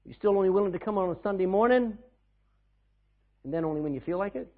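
A man's voice: high-pitched, fast talker, phone-quality sound. A man preaching a sermon as pastor, emphatic, asking the congregation questions and pushing for answers.

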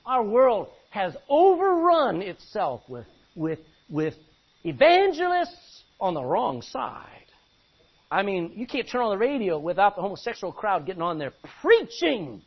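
A man's voice: sits high, sing-song, a little slow, husky, lo-fi sound. A man preaching a sermon in an emphatic way, repeating phrases and calling out for amens.

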